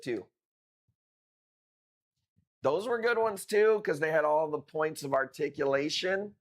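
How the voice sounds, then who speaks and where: A man hosts a live coral sale. He talks in a laid-back, unhurried way, swears often and leans on street slang, with his voice sitting at an ordinary middle pitch. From Chicago. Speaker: live-stream coral seller. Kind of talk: casual live-stream chat.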